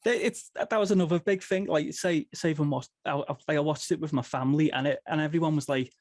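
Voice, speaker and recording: A man's voice: a little high, fast talker, darkish tone, no echo, studio quality. A man hosting a podcast interview, talking hesitantly with stammering restarts. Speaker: podcast host. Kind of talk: casual interview chat.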